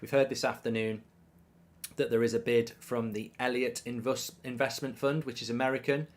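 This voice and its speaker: A man hosting a live football watchalong, reacting to the match and reading viewer comments in an excitable, animated way, often stumbling and restarting his sentences. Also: medium pitch, moderate pace. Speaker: host of a football watchalong stream.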